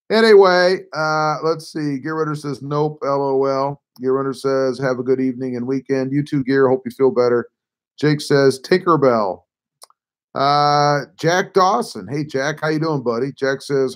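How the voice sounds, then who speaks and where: A man with a hoarse, failing voice hosting a casual live stream, reading out viewer comments and answering them offhandedly. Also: mid-range voice. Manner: reads viewer comments aloud and replies offhandedly. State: hoarse, voice nearly gone.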